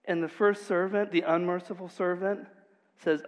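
A male pastor delivering a sermon in a lively storytelling manner. He moves from casual asides to emphatic points. His fairly high voice rings out with a long reverb in a church hall. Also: moderate pace, highs cut off.

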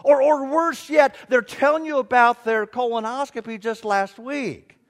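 A middle-aged man preaching a sermon as a pastor, telling humorous stories with animated delivery and stammered restarts like "and, and, and". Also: very high voice, unhurried.

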